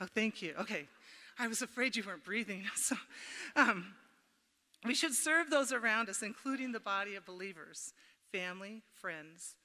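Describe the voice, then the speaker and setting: A woman's voice: medium pitch, pushed and bright. A middle-aged woman giving a folksy, chatty workshop talk at a women's church camp, telling homey stories and joking with the audience. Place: camp meeting hall. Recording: echoey hall.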